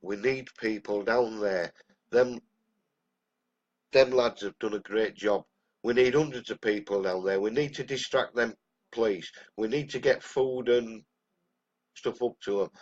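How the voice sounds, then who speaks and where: An older man with an English accent and a cold rants bluntly and angrily on a live stream, his lowish voice at a measured pace with frequent pauses. The audio is dull and lo-fi.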